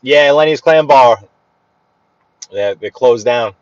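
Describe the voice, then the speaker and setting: A man's voice: mid-range voice, takes it slowly, dry recording, lo-fi sound. Chatty New York man driving. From Brooklyn, New York. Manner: chatty, rambling, greets viewers by name. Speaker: livestream driving host. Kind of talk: casual live-stream chat while driving. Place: inside a car in city traffic.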